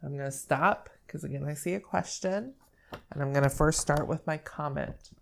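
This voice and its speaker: A young woman speech therapist calmly explaining, step by step, how to model words while reading with a child. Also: low voice, normal speed, creaky. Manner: calm, step-by-step explaining with fillers. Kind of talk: instructional demonstration.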